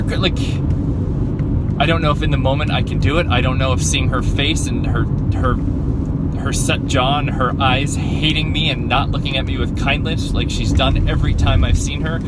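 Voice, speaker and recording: A man recording a personal video diary, sounding anxious and shaken, rambling and restarting his sentences. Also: medium pitch. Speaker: video diarist. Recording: loud traffic and street noise.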